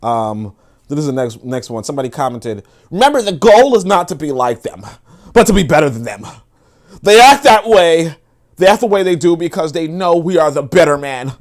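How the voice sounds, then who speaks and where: A man hosting a casual commentary livestream, profane and laughing often, swinging between loud outbursts and low mutters while talking to his chat. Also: sing-song, normal speed. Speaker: livestream host reacting to a video.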